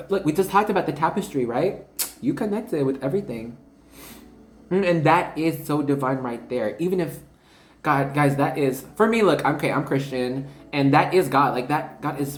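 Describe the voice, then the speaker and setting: A woman's voice: extremely low pitch, a little mellow. A woman giving a casual spiritual card reading, rambling and slangy, constantly talking to her viewers as "you guys.". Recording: roomy echo.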